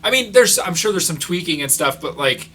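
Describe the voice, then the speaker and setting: A man co-hosting a casual movie podcast, talking in an animated, rambling way full of fillers. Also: on the high side, fairly quick, husky. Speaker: podcast co-host. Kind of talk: casual chat.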